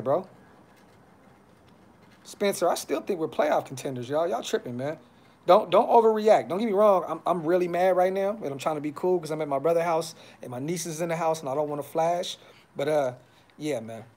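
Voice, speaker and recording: A man's voice: fairly high pitch, a little fast, a little mellow. A man hosting a fan podcast, talking casually on a live stream with frustration, blunt slang and lots of repeats. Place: brother's house.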